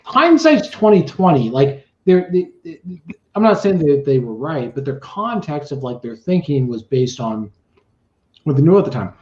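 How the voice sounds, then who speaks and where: A man's voice: medium pitch, mellow. Man, podcast co-host, rambling, filler-heavy, echoey room, muffled sound. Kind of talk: casual chat.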